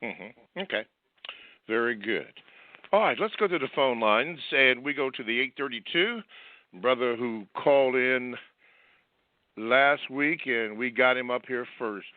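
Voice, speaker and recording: A man hosting a call-in show keeps things brisk, with short acknowledgments as he brings in the next caller. His voice sits at an ordinary middle pitch. It comes through a thin, phone-like line that sounds dry and close. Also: no echo. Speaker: radio call-in host. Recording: tinny phone-line audio.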